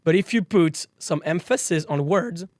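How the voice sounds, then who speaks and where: A French-accented man hosts a relaxed chat, his fairly high voice rising and falling with lively energy. The sound is close and dry. French is his first language. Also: moderate pace, dry recording. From France. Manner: animated, lively storytelling. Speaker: host. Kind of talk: casual conversation.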